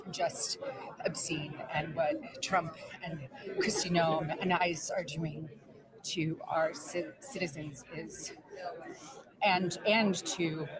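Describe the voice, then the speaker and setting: A woman's voice: lowish voice, low-quality recording. Tearful woman speaking over a crowd. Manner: halting, with restarts. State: tearful, emotional. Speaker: actress. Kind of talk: speaking at a public event. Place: film festival event. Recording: crowd noise behind.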